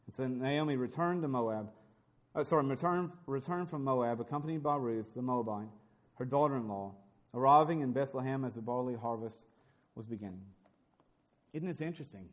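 A man's voice: a little high, brisk. A man preaching a sermon as a pastor, earnest, often repeating words as he builds a point.

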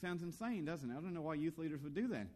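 A man preaching a sermon as pastor, earnest and lively, asking the listeners questions and telling stories from his own youth. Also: a little high, fast talker.

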